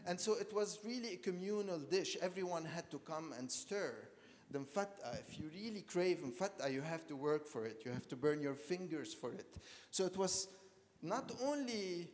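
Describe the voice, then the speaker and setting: Halting man in a reverberant hall. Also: high voice, lively intonation, a little mellow. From Lebanon. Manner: hesitant, repeats words, many fillers. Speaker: artist giving a talk. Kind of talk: personal storytelling talk.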